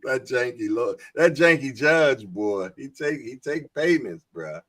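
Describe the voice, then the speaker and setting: A man's voice: mid-range voice, expressive, a little slow, a bit bright, distant mic. A man co-hosting a casual livestream, laughing often and reading viewer comments aloud in slangy banter. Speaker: podcast co-host.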